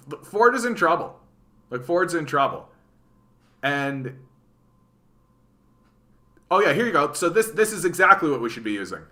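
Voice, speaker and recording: A man's voice: fairly high pitch, bright, forceful tone. A man from Canada giving a casual, profane, sarcastic political rant, reading news aloud and reacting to it. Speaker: political commentary streamer.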